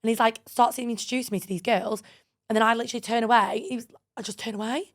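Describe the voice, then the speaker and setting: Fast-talking woman in her twenties, animated storyteller. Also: a little high. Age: 20s. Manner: animated, full of "like", acts out quoted dialogue. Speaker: podcast co-host. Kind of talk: casual chat storytelling.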